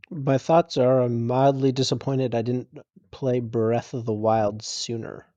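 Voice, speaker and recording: Laid-back guy on a podcast, mellow voice, kinda muffled lo-fi mic. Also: mid-range voice, flat delivery, takes it slowly, no echo. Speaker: podcast co-host. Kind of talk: casual podcast chat.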